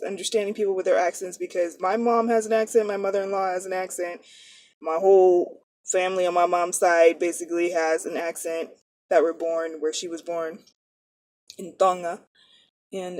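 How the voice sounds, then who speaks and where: A woman's voice: lowish voice, a little mellow, no echo. A woman in her thirties, a nursing student, chatting casually and rambling, often correcting herself mid-sentence. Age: 30s. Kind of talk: casual chat.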